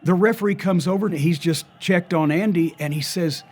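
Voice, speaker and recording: Animated older man telling a story. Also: high-pitched, brisk. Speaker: wrestling historian. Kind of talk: storytelling interview.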